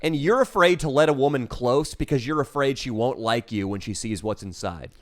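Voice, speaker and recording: A man's voice: medium pitch, a little fast. A man co-hosting a podcast, roasting a guest with mock-serious lecturing in crude comedic banter. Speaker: podcast co-host.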